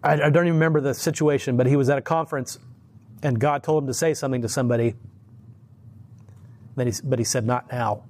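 A man's voice: mid-range voice, fairly even intonation, fast, pauses often, darkish tone. Man, informal sermon, conversational storytelling, frequent restarts, easy chuckles. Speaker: lay preacher.

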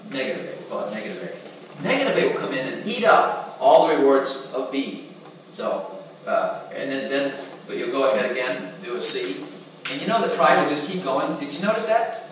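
A man preaching a sermon in a lively, conversational way, often asking the congregation questions. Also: mid-range voice. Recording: echoey hall from far off, noisy.

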